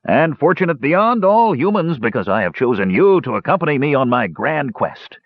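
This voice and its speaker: A loud, boastful dwarf, as a man acts him out, trumpets grand promises in a high, husky bellow. The pitch swings wildly from line to line. The recording sounds dull and lo-fi. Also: very animated, moderate pace, no echo. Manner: grand, lusty proclamations. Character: booming boastful male dwarf adventurer.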